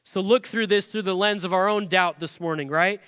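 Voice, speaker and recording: A man's voice: high voice, normal speed, fairly bright tone, clear, resonant tone, no echo, clean studio sound, big-room sound. A man, a pastor preaching a sermon in a church sanctuary, talking conversationally with many rhetorical questions.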